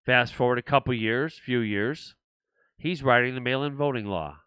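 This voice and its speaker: An older man hosts a live political talk show from behind a desk, rambling and circling back on himself with halting restarts. His voice is bright and forceful, and the recording is close and dry, with no room sound around it. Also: mid-range voice, smooth, no echo. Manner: rambling, frustrated, many restarts. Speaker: show host.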